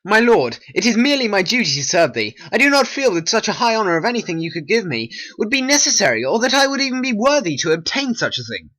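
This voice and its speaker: A hobby voice actor voicing a troubled, ambitious nobleman in a homemade stop-motion play, speaking in a brooding, measured way. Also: medium pitch, very animated, bright, forceful tone, voice pushed up. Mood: humble. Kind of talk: homemade animation voice acting.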